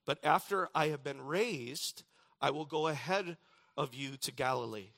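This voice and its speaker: A man preaching a sermon, reading scripture dramatically and swinging between loud declarations and hushed lines. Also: a little high, measured pace. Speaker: pastor.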